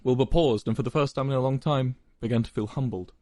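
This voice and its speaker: A man's voice: medium pitch, fast talker, a little mellow, dry recording. A young man expressively narrating a fan fiction story aloud.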